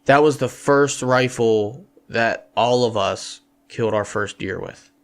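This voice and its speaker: A man's voice: medium pitch, unhurried, smooth. A man co-hosting a hunting podcast in a small studio, talking casually in long rambling runs full of fillers. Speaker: podcast co-host.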